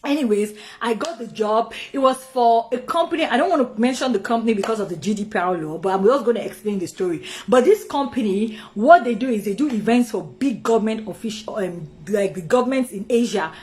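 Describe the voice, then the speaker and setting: A woman speaks on a live stream, telling her own story with lively, chatty energy. Her voice sits a little high, and she keeps breaking off into asides and restarts. She also greets viewers as they join. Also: fairly quick, hardly any pauses. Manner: talkative, with many asides and restarts.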